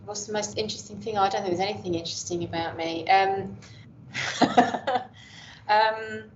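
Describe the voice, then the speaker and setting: An Englishwoman in her fifties, a professor appearing as a guest, speaks in a medium-pitched, steady voice at normal speed. Her reflective, casual interview talk is candid, chatty, and self-deprecating. The dull lo-fi audio carries slight background noise.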